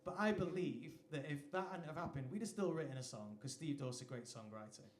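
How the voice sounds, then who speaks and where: A man's voice: on the high side, fairly quick, a little hiss or hum. An English man, a singer-songwriter performing live, telling a chatty, self-deprecating anecdote on stage between songs. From England. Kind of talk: onstage storytelling between songs. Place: live music venue stage. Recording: echoey live venue sound.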